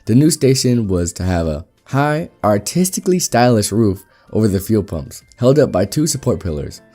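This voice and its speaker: A man reading an online story aloud in a steady, wry storytelling manner. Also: lowish voice, moderate pace, soft background music. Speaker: story narrator.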